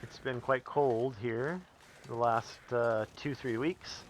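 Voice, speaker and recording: A man's voice: medium pitch, steady tone, slow pace, slight background noise. Chatty man streaming a game. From Northern Canada. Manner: chatty, answering chat while playing. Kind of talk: live gameplay commentary.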